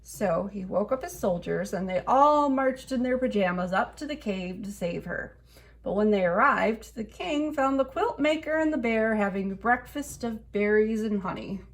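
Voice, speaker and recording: A woman reading a children's picture book aloud in an expressive storytelling way. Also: mid-range voice, normal speed. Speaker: storybook reader.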